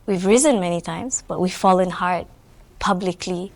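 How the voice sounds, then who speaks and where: A woman's voice: fairly low pitch, normal speed. A woman entrepreneur with a Malaysian accent, speaking earnestly in an interview and mixing Malay words into her English. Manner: earnest, mixing English with Malay fillers, frequent "you know". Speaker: entrepreneur and guest. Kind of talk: reflective interview chat.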